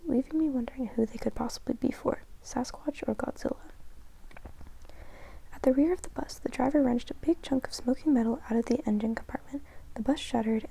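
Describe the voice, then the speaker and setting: A woman reading a story aloud in a slow, hushed whispered role-play meant for sleep. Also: fairly high pitch, creaky, breathy edge, rough recording. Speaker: ASMR storyteller.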